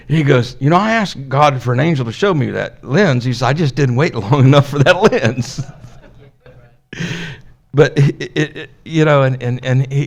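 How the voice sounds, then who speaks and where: A male pastor preaching in a loose, conversational way, retelling a conversation and voicing each side of it. His voice has a gravelly edge and sits at an ordinary pitch. He laughs lightly between lines. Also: darkish tone. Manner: conversational, acts out dialogue, laughs often. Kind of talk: storytelling sermon. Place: church.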